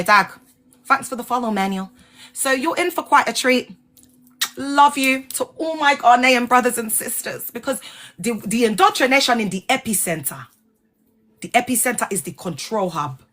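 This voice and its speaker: A woman hosting a casual livestream, talking in an animated, digressive way and spelling out sensitive words letter by letter. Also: mid-range voice. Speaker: livestream host. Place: lives in England.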